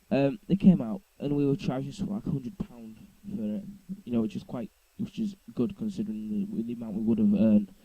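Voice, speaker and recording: A man's voice: medium pitch, mellow, dry recording, dull audio. A young man telling a story to camera at home, rambling and often correcting himself. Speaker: vlogger. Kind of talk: casual storytelling. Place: indoors at home.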